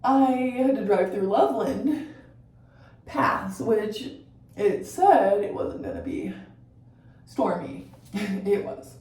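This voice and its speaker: A woman's voice: medium pitch, animated, slow, long pauses, darkish tone, recorded from a distance. Chatty profane woman in an echoey room. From Colorado, USA. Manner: chatty and profane, often tags sentences with "right?". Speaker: vlogger. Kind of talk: casual storytelling while doing makeup.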